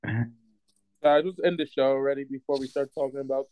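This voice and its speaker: A man's voice: medium pitch, steady tone, normal speed, no room sound, muffled recording. A man in a casual podcast chat who keeps interrupting and tries to wrap things up. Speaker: podcast co-host.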